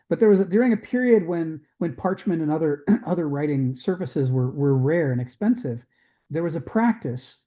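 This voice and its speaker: A man lectures on history in a very dark, mellow voice pitched a little high. He thinks aloud, restarting his sentences and slipping into quoted voices. The recording sounds dull and lo-fi.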